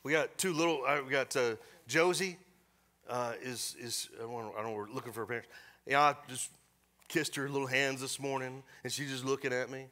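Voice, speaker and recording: Animated preacher, bright voice. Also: male voice, medium pitch, fairly quick. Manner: animated preaching with joking asides. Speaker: pastor. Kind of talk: sermon. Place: church service.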